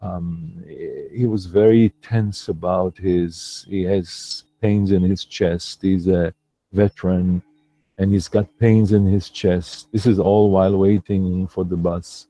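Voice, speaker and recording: Slow gravelly man, reflective teacher. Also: low voice, steady tone, warm tone, no room sound. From lives in New York City. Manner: slow, reflective, with many pauses and restarts. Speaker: meditation teacher. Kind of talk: livestream talk.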